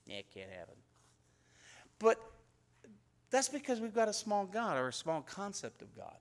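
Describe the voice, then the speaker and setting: A pastor telling Bible stories in a conversational sermon and acting out the dialogue. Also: male voice, high-pitched, wildly swooping pitch, normal speed. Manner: conversational storytelling, acts out biblical dialogue. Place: church.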